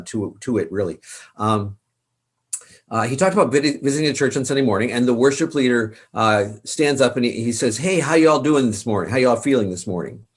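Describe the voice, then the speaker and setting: A man, a worship leader and author, giving earnest, emphatic advice in an interview, repeating words for stress. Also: medium pitch.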